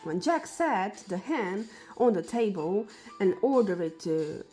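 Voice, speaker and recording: A woman reads a children's fairy tale aloud at a very slow, careful pace. Her voice sits at an ordinary middle pitch. Soft music plays faintly behind her. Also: big pitch swings. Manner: slow, deliberate storybook reading. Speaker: storyteller.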